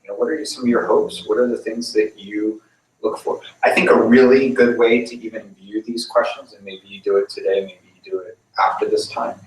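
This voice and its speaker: A man with a lowish voice gives a relaxed, conversational sermon to a small group, full of ums and restarts. He sounds set back from the mic in an echoey church room. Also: a little fast, recorded from a distance. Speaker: pastor leading a small group. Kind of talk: informal sermon with group reflection.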